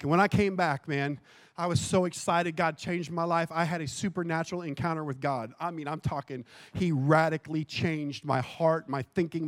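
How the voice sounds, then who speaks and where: A man giving a sermon as pastor. He talks casually and corrects himself, then builds to impassioned shouting. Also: on the high side, no room sound, clean studio sound. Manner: impassioned preaching that swells to shouting; conversational and self-correcting, with jokes.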